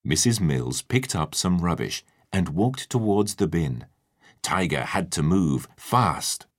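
Slow, deep, expressive man reading a storybook. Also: slightly rough. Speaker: narrator.

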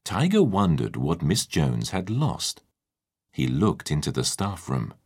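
A man narrating a children's storybook in a lively, expressive way. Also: low voice, measured pace, slightly rough.

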